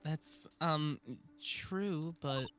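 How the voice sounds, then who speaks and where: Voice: medium pitch, extremely slow, over music. A performer voicing a nervous female security guard in a fan dub of a game, hesitant and polite. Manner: hesitant, polite, says sir.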